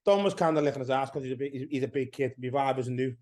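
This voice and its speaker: A man with an English accent, a podcast guest who tells stories loudly, swearing freely in casual chat. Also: mid-range voice, fast. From England.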